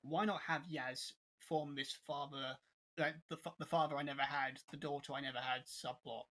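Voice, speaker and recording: An animated young man co-hosting a casual review chat. His voice sits fairly high for a man, and he keeps circling back in frustration, restarting his sentences and laughing them off. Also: moderate pace. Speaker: co-host reviewer.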